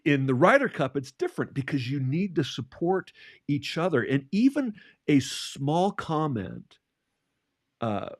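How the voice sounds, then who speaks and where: A man's voice: medium pitch, no room sound. Man telling stories with a dry sound. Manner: many restarts and repeated words, storytelling. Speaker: podcast co-host, leadership coach. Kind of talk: conversational podcast talk.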